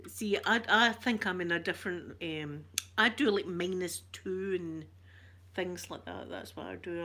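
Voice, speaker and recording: A woman with a Scottish accent and a mid-range, slightly bright voice chats casually with viewers as an ASMR streamer. She tells stories and laughs often, and there's a little hiss or hum in the audio.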